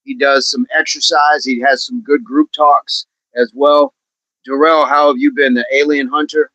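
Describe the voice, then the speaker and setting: A man's voice: mid-range voice, flat delivery, moderate pace, bright, forceful tone, dry recording, muffled recording. A man hosting a casual fitness livestream, chatting with viewers in a rambling way and laughing often.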